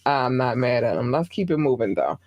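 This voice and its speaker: A woman's voice: a bass voice, sing-song, brisk, a little mellow, dull audio. A woman hosting a casual gossip podcast, chatty with many fillers and asides. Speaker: podcast host.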